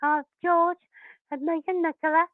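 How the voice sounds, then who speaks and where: A woman's voice: very high-pitched, level tone, normal speed, dry recording, phone-quality sound. A woman calling in to a radio phone-in, rambling and repeating herself. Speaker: caller. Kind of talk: phone-in call.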